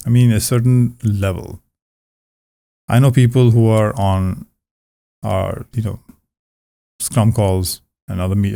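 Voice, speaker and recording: A man coaching on communication skills, talking calmly to the camera in a relaxed, conversational way with frequent restarts. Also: lowish voice, gravelly, dry recording. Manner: calm, conversational, many restarts. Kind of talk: casual talk to camera. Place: indoors, close to camera. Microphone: camera about two arm lengths away.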